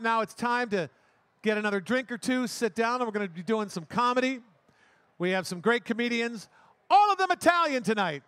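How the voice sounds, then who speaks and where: A man's voice: very high voice, fairly bright tone, clear, resonant tone, dry recording. A man acting as emcee and bandleader, making upbeat, joking announcements from a festival stage. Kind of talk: live event announcements.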